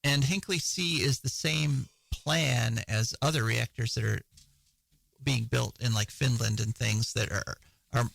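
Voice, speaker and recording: Gravelly chatty male radio host. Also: mid-range voice, fairly bright tone, dry recording, poor audio. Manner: chatty, laughs often, many fillers. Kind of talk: casual news chat.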